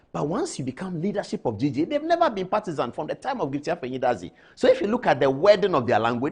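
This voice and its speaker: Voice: mid-range voice, darkish tone, husky. A TV show host with a Ghanaian accent, giving live commentary and lecturing with repeated rhetorical questions.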